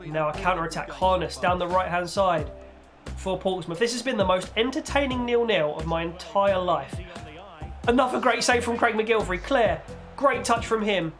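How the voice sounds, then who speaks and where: A man's voice: high-pitched, normal speed, over music. A young man giving casual, exasperated play-by-play on his own football video game. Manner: animated, exasperated play-by-play with pleading outbursts. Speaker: gaming YouTuber commentating his own match. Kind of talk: casual live game commentary.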